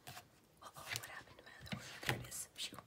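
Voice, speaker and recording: A woman chatting casually at her home craft table, rambling and often dropping into a soft whisper. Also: fast talker. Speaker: crafter making journal ephemera.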